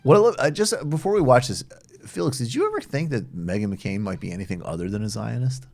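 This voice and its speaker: A man's voice: medium pitch, lively intonation, fast, vocal fry, a little mellow. A man hosting a podcast in casual banter, joking, laughing often and steering the talk. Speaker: podcast host.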